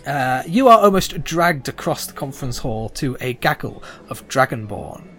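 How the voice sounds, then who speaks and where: A game master narrates a tabletop game in a chatty, meandering way, full of ums and asides. His mid-pitched voice rises and falls a lot. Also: big pitch swings, moderate pace, fairly bright tone, faint music behind. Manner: chatty, laughing, loose narration with many fillers.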